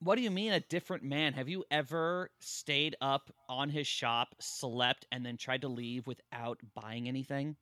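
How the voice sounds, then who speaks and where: A podcast co-host in casual chat, playful and quick with jokes. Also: medium pitch, a bit bright, dry recording. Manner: playful, jumps into joke voices.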